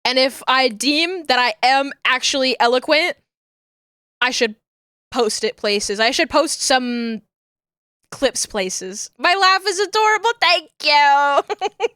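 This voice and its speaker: A woman streamer chats casually with her viewers in a high, smooth voice. She rambles, giggles a lot and stops to hunt for the right word. The sound is close and dry, with no room in it. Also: slow, sharp tone, no room sound. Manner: rambling, giggly, searches for words.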